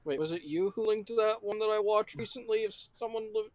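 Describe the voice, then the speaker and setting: Man, high voice, dead dry sound, teasing, casual chat. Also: brisk, a little mellow, no room sound. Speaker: panelist on a fan talk show.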